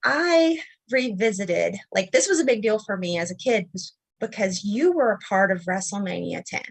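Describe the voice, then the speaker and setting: Woman interviewer, chatty fan, lively pitch, dry close sound. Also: normal speed, gravelly, breathy edge, no room sound. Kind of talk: casual interview.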